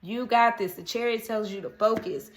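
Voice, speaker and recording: A tarot card reader with a fairly high-pitched voice speaks at normal speed. She gives her daily horoscope reading casually and chattily, in an earnest, coaxing manner, and keeps asking viewers "okay?".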